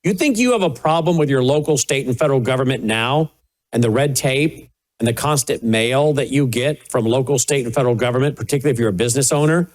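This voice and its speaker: A man's voice: mid-range voice, quick pace. A man hosting a political commentary show, talking indignantly and with sarcasm over played clips. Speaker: host.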